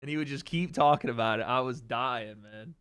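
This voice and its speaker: A man's voice: medium pitch, a little fast, clean tone, no echo, clean studio sound. A man hosting a livestream, casually telling a story and answering his chat. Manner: animated storytelling, talks to chat. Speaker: livestream host.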